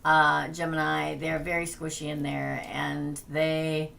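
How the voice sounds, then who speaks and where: Woman host, tarot reader on a livestream; low-pitched, bright, chatty, laughs easily. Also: level tone, takes it slowly, vocal fry, a little hiss or hum. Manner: chatty, laughing, reading names off a list. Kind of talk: casual livestream chat.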